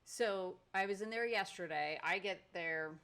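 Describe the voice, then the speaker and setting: A woman co-hosting a podcast, telling a story in casual chat with animated exasperation. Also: medium pitch, a little slow, clean tone. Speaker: podcast co-host.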